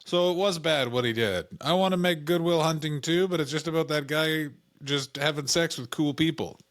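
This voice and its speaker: A man's voice: on the high side, moderate pace, fairly bright tone, dry recording. A man co-hosting a comedy podcast, chatting loosely and joking, often slipping into silly put-on voices. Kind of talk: casual comedic chat.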